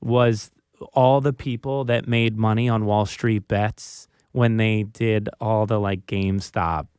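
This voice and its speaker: Smooth-voiced Philadelphia man, halting. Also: on the low side, fairly even intonation, a little mellow, no room sound, studio quality. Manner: hesitant, many ums and restarts. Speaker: guest. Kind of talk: casual radio chat. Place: radio studio.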